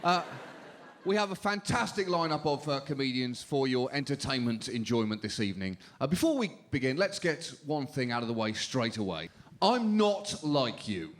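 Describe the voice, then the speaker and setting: A man's voice: medium pitch, normal speed. Dry British man doing stand-up. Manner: dry deadpan delivery. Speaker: comedy show host. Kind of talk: stand-up comedy. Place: comedy club stage with live audience. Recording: laughing crowd and room noise.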